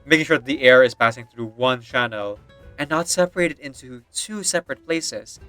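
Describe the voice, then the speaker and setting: A man's voice: medium pitch, normal speed, a bit bright. A man chatting casually while streaming a game, rambling with lots of fillers and frequent laughter, with faint game music behind. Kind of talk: casual chat while gaming.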